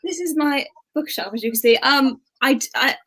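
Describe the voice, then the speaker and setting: A woman with a Bristolian accent talks as a guest on a casual chat show, laughing easily and dropping slang. Her voice sits somewhat high. She comes through a video call. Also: normal speed, a bit bright. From England. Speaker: guest comedian.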